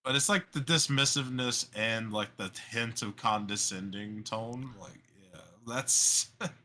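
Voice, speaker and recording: A man's voice: medium pitch, unhurried, bright, forceful tone. A man co-hosting a casual stream chat, blunt and swearing freely. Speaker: co-host.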